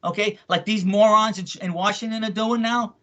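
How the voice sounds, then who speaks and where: An older man in his seventies speaks with a bright, forceful voice pitched slightly high. He talks with fierce emphasis and hammers each point home with a repeated "okay?". His delivery is angry and impassioned, as a radio talk guest. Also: fairly even intonation, normal speed, highs cut off.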